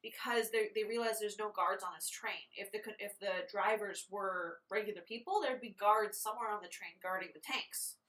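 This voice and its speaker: A woman's voice: medium pitch, moderate pace, few pauses, fairly bright tone, far from the mic, rough recording. A woman co-hosting a podcast, chatting casually about a book and correcting plot details. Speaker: podcast co-host. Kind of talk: casual book recap chat.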